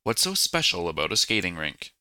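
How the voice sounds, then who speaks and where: A man voicing a cheerful, curious little boy snowflake in a storybook, eager and excitable. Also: sits low, a little fast, clean tone, no room sound, heavily acted.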